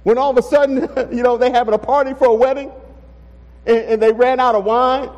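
A man's voice: extremely high pitch, steady tone, a little fast, darkish tone, in a large hall, lo-fi sound. A man preaching a sermon as pastor, emphatic and full of rhetorical questions, in a church sanctuary. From Texas.

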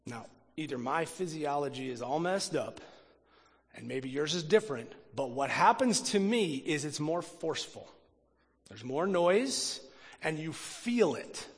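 A man preaching a sermon as pastor, talking animatedly, swinging from loud emphasis to hushed, near-whispered lines and often repeating words as he thinks aloud. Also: on the high side, expressive, a little slow, in a large hall.

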